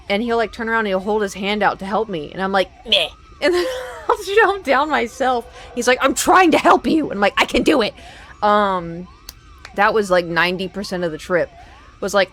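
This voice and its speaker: A young woman streaming a game, chatting casually and telling stories, acting out quoted lines with energy. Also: medium pitch. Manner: chatty, animated, acts out quotes. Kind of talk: casual storytelling while gaming.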